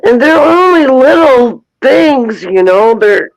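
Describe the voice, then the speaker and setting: Woman guest on a video call, slow talker, earnest, laughs easy. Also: high-pitched, expressive, low-quality recording. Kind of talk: casual chat as guest.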